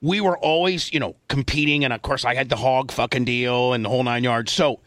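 A middle-aged man, a radio host, telling a story in casual, profane, animated chat. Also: medium pitch, fairly quick, no echo.

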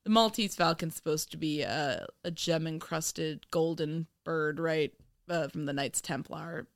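A woman's voice: deep voice, fairly even intonation, measured pace, gravelly, no echo, clean studio sound. A woman co-hosting a podcast in casual chat, giggling often and rambling with fillers. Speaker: podcast co-host.

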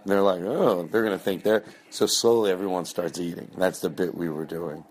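A man with a low, deep voice talks loosely, as if to his podcast listeners. He rambles from story to story in a joking way. He sounds middle-aged. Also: level tone, fairly quick. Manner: loose and joking, breaks into high mocking voices for bits. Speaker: podcast host. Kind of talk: casual rambling monologue.

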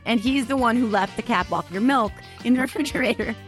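A woman's voice: fairly high pitch, fast talker, soft background music. A woman hosting a podcast, talking conversationally and laughing often. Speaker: podcast host. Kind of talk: casual political chat.

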